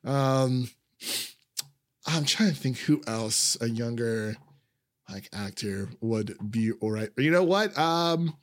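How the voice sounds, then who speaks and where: A man's voice: medium pitch, expressive, takes it slowly, no room sound, clean studio sound. A man chatting casually about a film, rambling with many fillers and frequent laughs. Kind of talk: casual film review chat.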